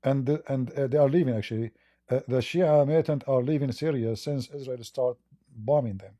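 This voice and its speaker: Hosting a live call-in debate, a man with a very dark, mellow, mid-range voice presses his caller with blunt questions. His speech is halting, full of restarts and repeated words. The sound is dry and close, with no echo.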